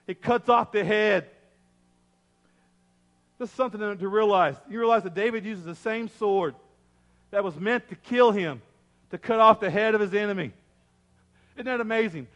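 A pastor preaching a sermon, telling the story in an emphatic, dramatic way with lots of repetition. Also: male voice, high-pitched, normal speed, pauses often, fairly bright tone. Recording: echoey hall.

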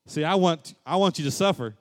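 A man preaching a sermon as pastor. He moves between soft, low passages and loud, emphatic rises. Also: brisk.

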